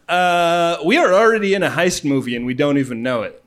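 A man's voice: on the high side, fairly quick, fairly bright tone. A man co-hosting a casual, comedic podcast, talking loosely and laughing often between jokes. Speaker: podcast co-host.

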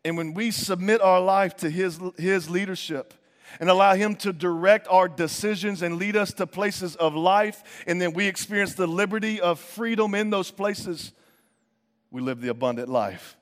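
A man with a high voice preaches a sermon in a lively, conversational way. He acts out little quoted voices as he goes. His voice rings with the long reverb of a large hall. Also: normal speed. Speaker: pastor.

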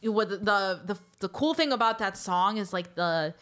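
A woman co-hosting a relaxed podcast, her voice at a middling pitch for a woman. She explains things in a chatty, rambling way, peppered with "like" and "um.". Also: moderate pace. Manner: chatty explaining, heavy use of "like" and "um". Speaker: podcast co-host. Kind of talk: casual podcast chat.

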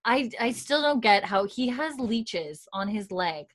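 A woman's voice: a little high, animated, measured pace. A woman casually recapping a TV episode as a podcast co-host, chatty and rambling with lots of fillers.

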